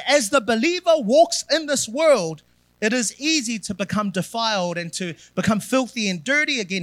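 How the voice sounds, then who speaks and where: High, lively-voiced man preaching. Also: dry recording. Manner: preaching with emphatic rising build-ups. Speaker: pastor. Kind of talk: sermon.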